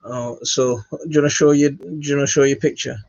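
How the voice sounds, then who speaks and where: Speaking with a fairly high, steady pitch, this brisk man has vocal fry and a darkish tone. He's the West Yorkshire host of a home gardening channel, rambling to camera and mocking himself with plenty of fillers and false starts. The dry sound comes from a phone mic in his indoor home studio, dull and lo-fi.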